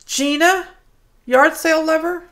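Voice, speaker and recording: A woman talks through a craft project on a livestream in a relaxed, slow-paced way. She keeps up friendly chatter, greeting and thanking her viewers by name. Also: high-pitched. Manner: chatty, greets viewers by name, apologetic about mispronouncing names. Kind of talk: chatty live craft demonstration. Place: home craft studio.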